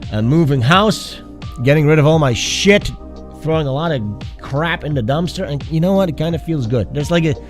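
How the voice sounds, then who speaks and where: A man's voice: fairly high pitch, lively intonation, normal speed. A man hosting a casual livestream while sick with the flu, his voice nasal and stuffed-up, rambling and swearing as he talks, with faint music behind him. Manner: rambling, profane, self-interrupting. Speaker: art streamer host. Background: faint background music.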